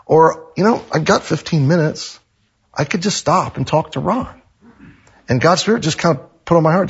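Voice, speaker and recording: Husky pastor telling stories in a sermon. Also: male voice, medium pitch, a little fast, muffled recording. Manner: animated storytelling, acts out dialogue.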